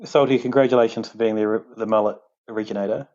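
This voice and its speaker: A man's voice: lowish voice, steady tone, fast talker, darkish tone, lo-fi sound. A man co-hosting a podcast, playful and teasing in casual chat. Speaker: podcast co-host.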